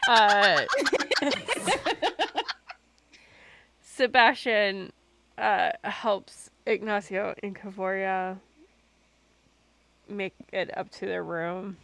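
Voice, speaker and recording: A woman running a tabletop role-playing game as game master, narrating calmly with hesitant fillers. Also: medium pitch, very slow, gravelly, pauses often, dry recording.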